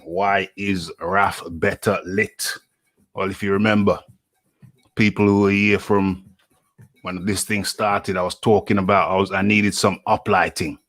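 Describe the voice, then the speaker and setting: Slow, low-voiced male live show host. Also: fairly bright tone, no echo. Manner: jokey, chatty, addresses the audience.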